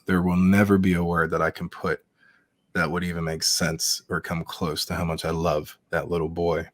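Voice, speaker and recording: A man with a very deep voice speaks as a podcast guest. He is emotional and candid and swears without holding back. The sound is dry with no room echo. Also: level tone, normal speed. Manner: heartfelt and emotional, swears freely. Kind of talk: candid interview talk.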